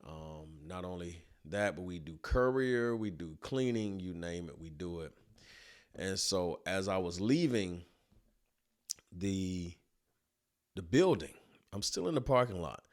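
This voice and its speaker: Low-voiced man telling colloquial stories. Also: unhurried. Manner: colloquial, animated storytelling, acts out voices. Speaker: speaker and business owner. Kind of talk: storytelling talk.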